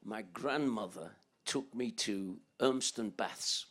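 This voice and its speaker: A man's voice: lowish voice, slow pace, a bit bright. An older man from England, a musician telling rambling, joking stories in an interview, laughing often. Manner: rambling, joking, laughs often, breaks into song and quoted voices. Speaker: guest musician. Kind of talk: storytelling interview.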